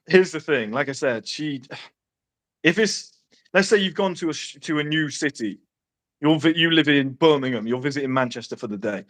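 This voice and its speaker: A man's voice: a little high, fairly bright tone. A man giving brash, profane dating advice in casual podcast chat. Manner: brash, swearing, quick one-liners.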